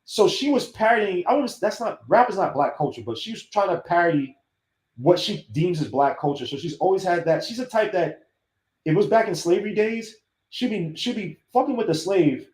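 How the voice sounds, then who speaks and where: A man's voice: high-pitched, animated, fairly quick, a little mellow. A man on a casual podcast, telling stories with animation and acting out the voices of people he quotes. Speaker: podcast host. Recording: roomy echo.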